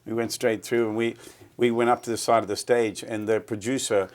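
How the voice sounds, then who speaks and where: A middle-aged Australian man, a guest musician, telling stories in a relaxed, chatty interview. He often repeats words as he recalls things. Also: medium pitch, a little fast.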